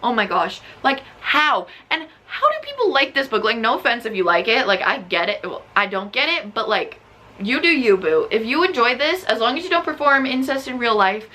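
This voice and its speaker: A young woman vlogging about books in a casual, animated way, full of "like" and exasperated outbursts. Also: on the high side, normal speed. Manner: animated, exasperated, filler-heavy with frequent "like". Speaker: book vlogger. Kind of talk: casual ranting book review.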